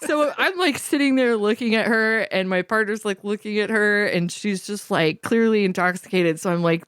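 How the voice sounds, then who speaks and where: A woman co-hosting a podcast who tells a profane, animated story and acts out what people said. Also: mid-range voice, normal speed, hardly any pauses, clear, resonant tone, no room sound, clean studio sound. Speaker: podcast co-host. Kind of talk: casual storytelling.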